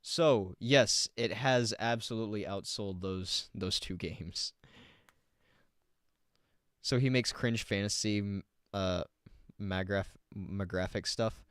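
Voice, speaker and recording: Man reacting to a video on stream, low voice, dry close mic, rambling casual talk. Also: slow pace, a bit bright, clean tone, no room sound. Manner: rambling, argues back at the video.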